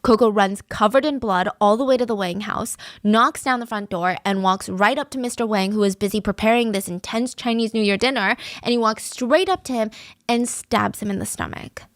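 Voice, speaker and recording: A woman's voice: medium pitch, moderate pace, no room sound. A woman host narrating a true-crime story in a casual, conversational podcast manner, close to the mic.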